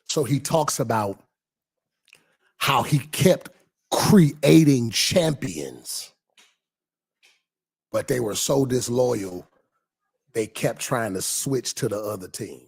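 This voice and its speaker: Gravelly, husky-voiced pastor chatting. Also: male voice, mid-range voice, slow pace, pauses often. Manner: reads viewer comments aloud and answers them; animated, dropping to near whispers. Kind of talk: casual livestream chat.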